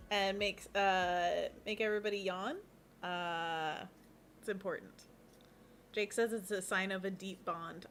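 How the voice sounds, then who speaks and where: A woman's voice: medium pitch, fairly bright tone, a little hiss or hum. A woman co-hosting a casual livestream, guiding viewers through hand stretches and reading chat with a giggly, playful manner. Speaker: co-host of an art livestream.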